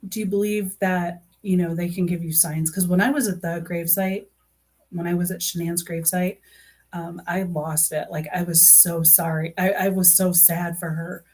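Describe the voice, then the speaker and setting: A woman streaming live, talking in a loose, rambling way packed with "um" and "you know". Her voice sits a little low for a woman. She sounds earnest and emotionally invested as she chats. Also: flat delivery, normal speed, a little mellow. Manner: rambling, heavy fillers and restarts. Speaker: YouTube true crime streamer. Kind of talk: casual live-stream chat.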